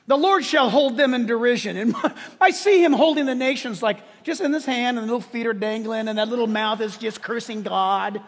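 Guy preaching a sermon, really high voice, fired up and shouty, big church echo. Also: slight background noise. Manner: impassioned, emphatic preaching with shouted peaks. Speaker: pastor. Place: church sanctuary with congregation. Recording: long hall reverb.

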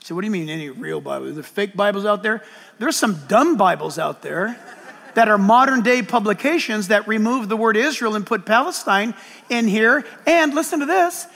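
Male pastor, very high and sharp-toned, animated sermon with shouted peaks, long hall echo. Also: normal speed, gravelly. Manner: animated, joking, breaks into shouts. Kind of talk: preaching a sermon.

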